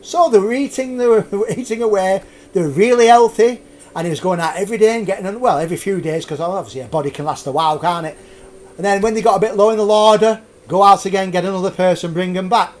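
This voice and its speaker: Jokey high-voiced man telling a tale. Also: fast, a little mellow. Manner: jokey, laughs at own puns, digresses. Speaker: host. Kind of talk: live storytelling chat.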